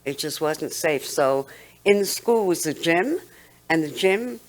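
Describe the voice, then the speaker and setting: A woman's voice: low voice, lively intonation, a little slow. Older British woman with a London accent. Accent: London English. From London, England. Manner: chatty, laughs often while talking. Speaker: guest. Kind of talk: reminiscing interview talk.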